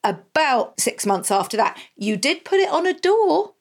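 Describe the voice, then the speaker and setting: A woman's voice: high-pitched, sing-song, normal speed. A woman co-hosting a podcast in casual chat, teasing and talking over her co-host.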